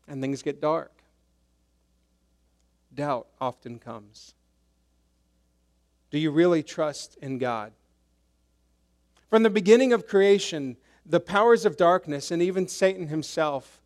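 A man preaching a sermon, swinging between loud emphasis and hushed, quiet lows. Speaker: pastor.

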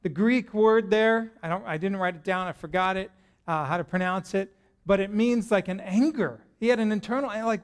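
A middle-aged man preaching a sermon to a congregation in a church, lively and joking as he talks to them directly. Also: high-pitched, normal speed, clear, resonant tone. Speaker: pastor.

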